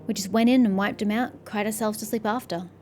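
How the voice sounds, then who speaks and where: A woman's voice: medium pitch, steady tone, a little fast, a little mellow, a little hiss or hum, lightly acted. A woman reading the lines of a remorseful male soldier in prison, blunt and swearing freely, with faint game music behind.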